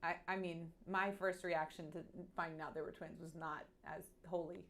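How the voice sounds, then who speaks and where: A woman, candidly telling a personal story in a halting, animated way full of restarts. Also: fairly low pitch. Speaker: guest.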